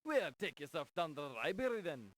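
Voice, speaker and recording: An actor playing a grumpy, brusque desk sergeant in a 1990s adventure game, with a put-on Scottish-sounding brogue. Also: male voice, fairly high pitch, sing-song, a little fast, a bit bright, dry recording. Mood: dismissive. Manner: brusque, dismissive. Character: gruff grumpy desk sergeant, middle-aged man.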